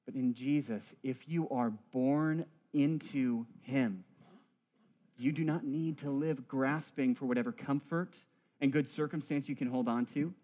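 A man's voice: mid-range voice, dark tone. Man preaching a rhythmic sermon. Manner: rhythmic, building to fervent emphasis, wry asides. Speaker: priest. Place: church.

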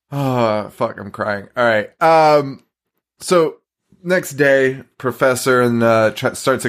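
A man co-hosting a casual podcast with a middle-pitched voice. He talks loose and profane, laughing through his sentences as he recaps the story with excitement. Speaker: podcast co-host. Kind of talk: casual chat.

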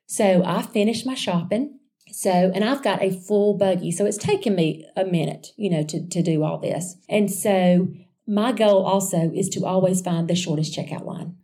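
A woman sharing a personal faith testimony in a chatty, animated storytelling way, calling her listeners y'all. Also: medium pitch, normal speed. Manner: chatty and animated, addressing listeners as y'all, with frequent restarts and asides.

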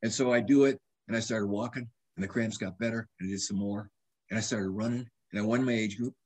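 A man in his seventies, a doctor being interviewed, telling animated stories in casual conversation. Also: fairly low pitch, fast talker. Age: 70s. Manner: animated storyteller, restarts and quotes himself. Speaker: guest doctor.

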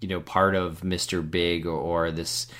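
A man co-hosting a podcast who speaks in a measured, calm way. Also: low-pitched. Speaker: podcast co-host. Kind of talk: casual discussion.

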